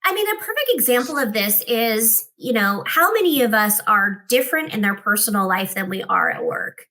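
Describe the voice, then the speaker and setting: A woman with a bright, forceful voice that sits a little high, talking as a podcast guest. She tells her story with energy and acts out the lines of each person in it. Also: normal speed, slight background noise. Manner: expressive, acts out dialogue in her stories. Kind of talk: animated storytelling in conversation.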